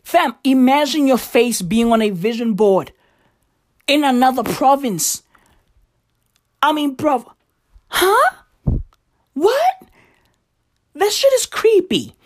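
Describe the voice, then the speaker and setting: A woman's voice: high voice, sing-song, takes it slowly, long pauses. A young woman delivers a profane, slang-heavy comedic rant to camera, mock-outraged throughout. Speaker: vlogger.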